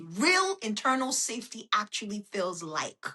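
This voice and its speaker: A woman hosting a podcast, giving a slow, intimate self-help monologue that speaks to the listener as a friend and swears casually. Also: mid-range voice, sing-song, pushed and bright. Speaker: podcast host.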